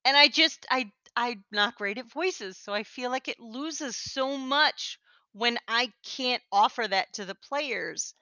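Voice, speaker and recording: Woman co-host, casual chat, bright clear voice, self-deprecating and laugh-prone, dry close sound that is a bit dull and lo-fi. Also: fairly high pitch, slow pace, dry recording. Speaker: podcast co-host.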